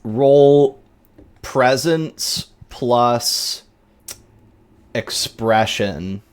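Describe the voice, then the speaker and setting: Slow, relaxed man running a tabletop game. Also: medium pitch, smooth. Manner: relaxed, halting with fillers. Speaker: game master.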